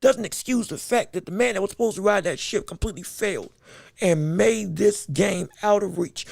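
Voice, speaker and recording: A man hosting a podcast, in an animated, exaggerated sports rant that swings between playful fury and laughter, often stumbling over his words. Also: high voice, normal speed, creaky, dry recording, clean studio sound. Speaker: podcast host.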